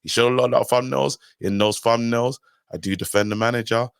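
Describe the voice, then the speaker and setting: A man's voice: mid-range voice, fairly even intonation, a little fast, creaky, smooth, dry recording, studio quality. A man co-hosting a football podcast, arguing heatedly and talking over the others. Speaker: podcast co-host. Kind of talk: casual football podcast debate.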